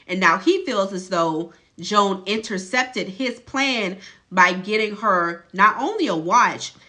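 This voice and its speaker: A woman host recaps a show in a relaxed, gossipy storytelling voice. Her tone is bright and clear, and her talk is loose and colloquial, as if she is telling a friend the latest drama. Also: medium pitch. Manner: chatty and colloquial, lively gossip tone. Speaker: video host recapping a TV episode.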